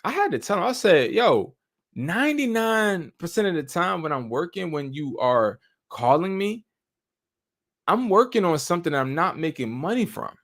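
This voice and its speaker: A man's voice: high voice, sing-song, normal speed, a bit bright. A man hosting a live stream, chatting casually and telling stories in loose slang with profanity. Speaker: host.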